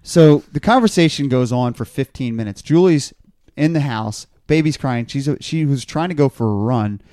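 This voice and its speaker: A man's voice: medium pitch, lively intonation, normal speed, dark tone, no room sound, clean studio sound. A man podcast host telling a long story in casual chat, rambling and stammering as he repeats words.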